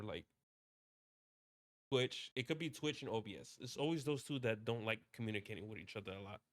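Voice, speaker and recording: A man's voice: mid-range voice, no echo, studio quality. A male streamer talking casually in a rambling rant, repeating himself, swearing often and restarting his sentences.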